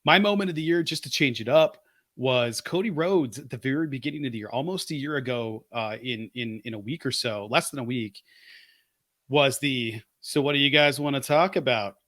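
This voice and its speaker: A man's voice: mid-range voice, moderate pace, a bit bright, no room sound, studio quality. A man co-hosting a podcast, chatting casually and thinking aloud with enthusiastic, opinionated takes. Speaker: podcast co-host.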